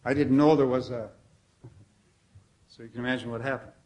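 A man preaching a sermon in an earnest, conversational way, asking the congregation questions and dropping softly at the ends of phrases. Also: mid-range voice, fairly even intonation, a little fast.

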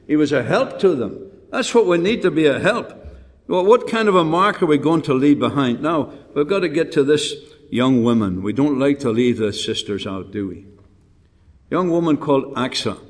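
A man's voice: a little high, lively intonation, moderate pace. An older man preaching a folksy, rambling sermon with rhetorical questions and frequent restarts. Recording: long hall reverb.

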